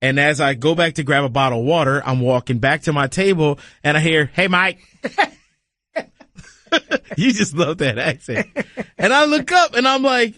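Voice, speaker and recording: Man, podcast co-host, lively storyteller, very animated pitch, dry studio sound. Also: dry recording. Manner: lively storyteller, acts out quotes. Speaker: podcast co-host, former caddie. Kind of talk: casual podcast chat.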